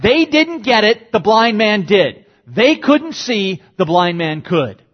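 This pastor's sermon moves slowly through a passage verse by verse, his very animated voice carrying a breathy edge. The sound is lo-fi, and he dynamically acts out quoted cries with sudden, large leaps in pitch.

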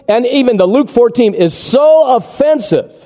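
A man preaching a sermon, animated as he walks the congregation through a chart. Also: very high-pitched, normal speed. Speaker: pastor. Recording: echoey hall with long reverb.

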